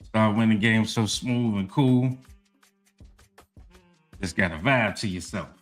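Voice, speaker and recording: Low-voiced man ranting on a podcast. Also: slow pace. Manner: animated, profane, heavy use of "you know what I mean". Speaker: podcast host. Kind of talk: casual sports podcast talk and rant. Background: faint music.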